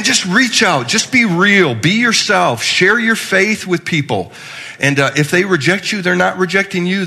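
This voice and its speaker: A man's voice: medium pitch, sharp tone. A middle-aged male pastor giving a conversational, joking sermon with frequent restarts.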